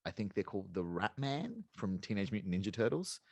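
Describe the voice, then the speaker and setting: A man's voice: lowish voice, big pitch swings, fairly quick, gravelly, a crowd in the background. A man co-hosting a podcast in casual chat, rambling and thinking aloud as he goes. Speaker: podcast co-host.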